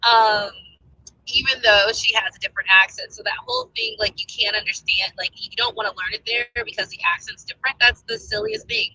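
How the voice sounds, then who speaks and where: An American woman in casual vlog chat, rambling with plenty of fillers. Her voice sits a little high and sounds very bright, with a touch of huskiness. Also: very animated, a little fast, vocal fry, slightly rough, dry recording, low-quality recording. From United States. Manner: rambling, chatty, many fillers. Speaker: travel vlogger.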